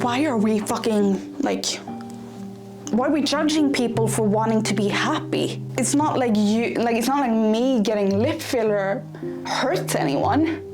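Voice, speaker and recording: A young adult woman vlogging casually in a blunt, ranting way, swearing constantly. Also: on the high side. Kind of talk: casual vlog talk. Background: background music.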